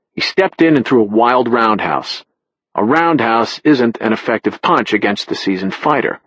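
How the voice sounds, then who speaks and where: A man narrating a thriller audiobook in the first person, in a measured, matter-of-fact way. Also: medium pitch, breathy edge, no echo, dull audio.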